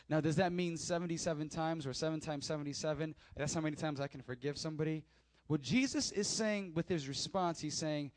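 A man with a fairly high voice preaches a sermon to his church, animated and emphatic. He drops to hushed asides and then climbs back to loud, driving lines. His voice sounds dry and close, with little room sound. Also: quick pace, no room sound. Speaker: pastor. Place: church service.

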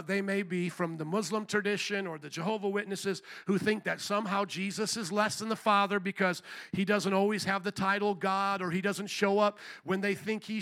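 A man pastor preaching a sermon, emphatic, rising to shouted calls for amen and hallelujah. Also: high-pitched.

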